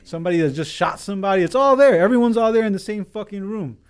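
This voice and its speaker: A man in casual podcast chat with a slightly high voice. He is blunt and emphatic and swears heavily while making his point. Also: expressive, quick pace, smooth. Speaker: podcast co-host.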